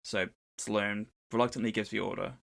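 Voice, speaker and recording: Gravelly-voiced man recapping a story. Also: fairly low pitch, steady tone, moderate pace, fairly bright tone. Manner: storytelling summary of a book plot. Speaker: podcast co-host. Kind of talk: casual podcast recap.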